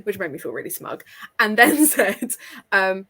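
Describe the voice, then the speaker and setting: Co-host, young woman, casual and excitable, laughs and swears a lot. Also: medium pitch, a little slow. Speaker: podcast co-host. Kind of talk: casual chat.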